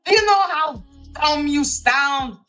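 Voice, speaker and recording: Woman ranting in a clip, very high and sharp voice, faint music under it. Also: animated, slow pace, rough recording. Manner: insulting, shrill, scornful. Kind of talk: angry livestream rant.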